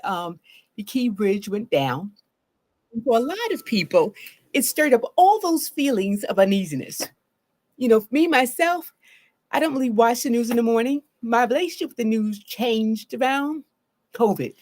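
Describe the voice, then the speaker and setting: A woman therapist from Baltimore, speaking live to her viewers in an expressive way and acting out her own reactions as she talks. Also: medium pitch. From Baltimore, Maryland. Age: adult with a grown daughter.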